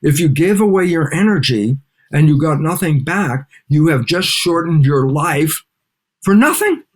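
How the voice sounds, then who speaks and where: An older man with a fairly high voice, speaking a little slowly, is a guest scientist and lecturer being interviewed. He's animated, acting out back-and-forth dialogues as he talks.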